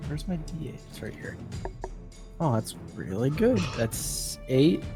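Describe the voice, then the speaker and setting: A man's voice: fairly high pitch, unhurried, music in the background. A man playing in a tabletop game, chatting casually and joking with the table. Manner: joking, lively back-and-forth. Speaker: player.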